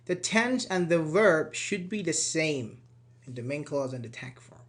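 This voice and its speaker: A man giving an online English grammar lesson, lively and full of rhetorical questions to the viewer. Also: on the high side, unhurried. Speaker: English teacher.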